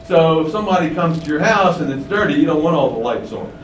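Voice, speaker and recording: A man's voice: on the high side, lively intonation, quick pace. A man preaching a sermon, emphatic, with many rhetorical questions, in a windowless room. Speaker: pastor. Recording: roomy, distant mic, faint hum.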